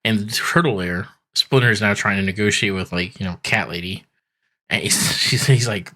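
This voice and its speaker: A man co-hosting a podcast, recapping a cartoon episode in a relaxed, rambling way and acting out the characters' lines. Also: on the low side, normal speed. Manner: laid-back storytelling, acts out characters in quotes. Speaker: podcast co-host. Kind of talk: casual recap chat.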